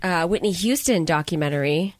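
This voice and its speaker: A woman's voice: lowish voice, lively intonation, fairly quick, dry recording. A woman co-hosting a casual podcast, retelling a movie plot in a chatty way with fillers like "um" and "like.". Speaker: podcast co-host. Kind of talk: casual movie recap chat.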